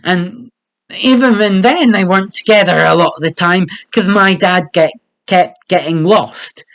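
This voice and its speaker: A man's voice: sits high, moderate pace, creaky, fairly bright tone. A young British man delivering a wry, self-deprecating stand-up comedy monologue.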